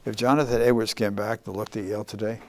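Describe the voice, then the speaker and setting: An older man, a former congressman, speaking earnestly as an interview guest, with many halting restarts. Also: on the low side, little pitch movement.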